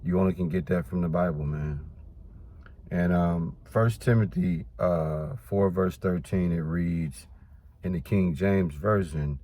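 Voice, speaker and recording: A man's voice: deep voice, steady tone, measured pace, mellow, a little hiss or hum. A man teaching about the Bible in a casual preaching style, reading verses and then explaining them, often adding "man" and "you know".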